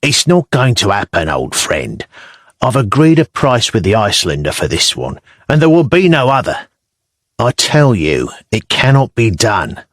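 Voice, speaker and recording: A man's voice: lowish voice, wildly swooping pitch, normal speed, no echo, clean studio sound. A male narrator voicing a small, testy shipwright who speaks with scorn in an audiobook. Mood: scornful. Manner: scornful, spitting.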